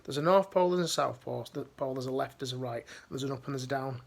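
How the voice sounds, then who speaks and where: A man's voice: medium pitch, quick pace, vocal fry. A man giving a motivational life-coaching talk to camera, emphatic and direct, repeating his key phrases.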